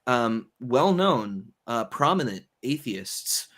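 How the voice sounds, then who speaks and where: A man's voice: mid-range voice, big pitch swings, fairly bright tone. A man hosting a livestream panel, laying out an argument step by step with frequent fillers. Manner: measured, explains step by step with many fillers. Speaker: host and moderator. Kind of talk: casual panel discussion.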